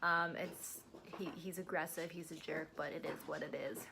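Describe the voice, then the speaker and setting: A woman's voice: deep voice, steady tone, normal speed, gravelly, noisy background. A woman vlogger telling a story in a chatty, rambling way, at home with her dogs nearby. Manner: chatty, rambling retelling with quoted dialogue. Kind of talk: casual storytelling vlog.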